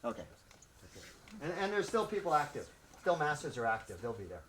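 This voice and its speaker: A man in his sixties who grew up in Los Angeles, a martial arts instructor telling stories to his students and acting out the shouts, laughing often. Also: mid-range voice, brisk, slight background noise. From South Central Los Angeles. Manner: animated, acts out shouts and quotes, laughs often. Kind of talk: storytelling to students.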